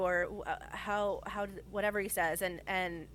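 A woman's voice: medium pitch, fairly even intonation, moderate pace, a bit bright, a little hiss or hum. A woman in casual conversation, talking enthusiastically and rambling with lots of fillers. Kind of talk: casual chat.

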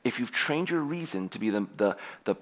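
A young adult man preaching a sermon to his congregation in an animated way, laughing often and restarting his sentences. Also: medium pitch, a little fast. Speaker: pastor.

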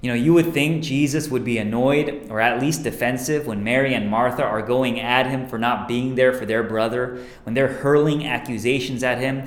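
A man preaching a sermon as pastor, earnest, dropping to a hush on key lines. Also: mid-range voice, moderate pace, hardly any pauses, roomy sound.

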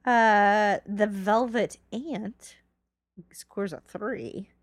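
A woman's voice: mid-range voice, very slow, no room sound. A woman from California, co-hosting a podcast in casual, giggly chat that trails off with fillers. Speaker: podcast co-host.

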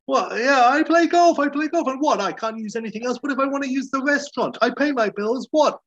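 A man putting on a shrill, whiny, exasperated middle-aged man who squawks his protests. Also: brisk, fairly bright tone, lo-fi sound, heavily acted. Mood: indignant.

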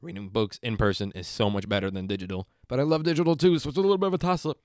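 A man hosting a podcast, chatting casually and reading an ad with quick enthusiasm and the odd swear. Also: medium pitch, a little mellow, no room sound, clean studio sound. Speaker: podcast host. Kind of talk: casual podcast chat and read ad.

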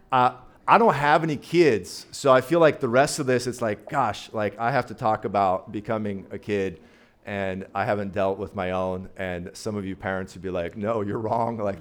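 A man giving a casual sermon as guest preacher, chatty and playful, talking straight to his audience. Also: mid-range voice.

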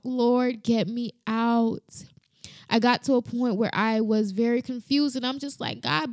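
A woman's voice: a little high, a little mellow, dry recording. A woman giving an earnest devotional sermon, sharing personal testimony with heavy repetition. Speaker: preacher.

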